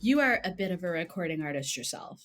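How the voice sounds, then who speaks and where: Brief: podcast host woman, lower-pitched, chatty, quick to laugh. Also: very animated, faint music behind. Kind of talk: casual podcast chat.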